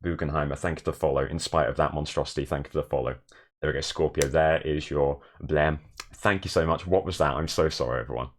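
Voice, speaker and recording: A young man streaming from his bedroom in a shared flat, chatting casually and self-deprecatingly and thanking viewers. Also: very deep voice, very fast. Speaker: Twitch streamer. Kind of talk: casual live stream chat.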